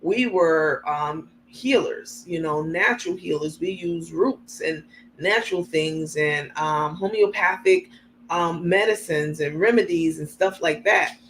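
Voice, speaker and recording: A woman's voice: fairly low pitch, unhurried, slight background noise. Chatty woman from New York City. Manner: chatty and relaxed, frank, laughs easily, many ums. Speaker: livestream host. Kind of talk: casual livestream chat, reading viewer comments.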